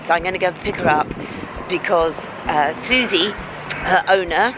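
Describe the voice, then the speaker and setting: A woman, a vlogger and radio host, chatting eagerly with quick reactions in a casual vlog. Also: fairly low pitch, over music.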